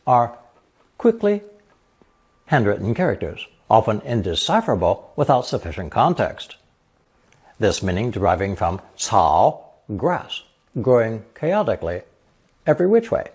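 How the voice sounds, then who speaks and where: A man narrating a scripted language lesson, reading example sentences slowly and then translating each one. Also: on the low side, very animated, darkish tone, slightly rough. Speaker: language teacher.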